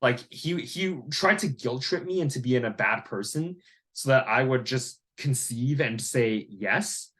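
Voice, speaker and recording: Male vlogger, average pitch, casual rambling monologue. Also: lively intonation, a little slow, fairly bright tone. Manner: rambling, heavy use of "like" and "you know". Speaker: vlogger and landlord.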